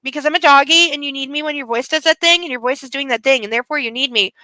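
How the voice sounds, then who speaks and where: Eager clingy puppy in high bright baby talk, voiced by a woman. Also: racing, no echo. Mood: earnest. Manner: babbling run-on baby talk. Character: eager affectionate male puppy wanting belly rubs.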